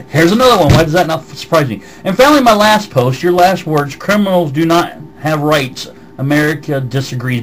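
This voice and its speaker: A man's voice: fairly high pitch, rough recording. Ranting Southern American man. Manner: heated, swearing, reads comments aloud. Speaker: vlogger. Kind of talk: angry vlog rant answering comments.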